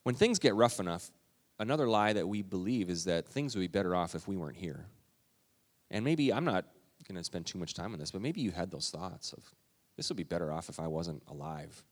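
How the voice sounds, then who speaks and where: A man's voice: deep voice, animated, a little fast, in a large hall. A man preaching a sermon as a pastor, in an earnest, conversational way that builds to urgency.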